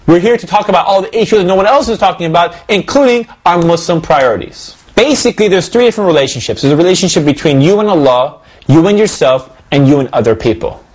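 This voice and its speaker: A man hosting a comedy video, talking to the camera in a joking, preachy way. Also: high voice. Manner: joking, then preachy and earnest. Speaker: host.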